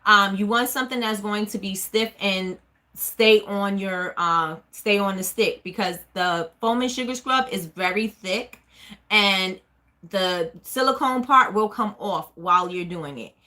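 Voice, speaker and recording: Woman host, casual live chat, rambling and chatty with lots of ums, bright tone. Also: mid-range voice, unhurried. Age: adult with a child. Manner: chatty, rambling, many fillers and restarts. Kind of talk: casual live chat answering viewer questions.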